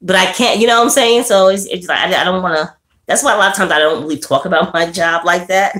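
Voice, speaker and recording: A woman chats casually on her livestream, with a voice that sits fairly low. She laughs often, sinking to a quiet, somber tone and then jumping up high and bubbly as she greets her viewers. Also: fast talker. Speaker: livestream host.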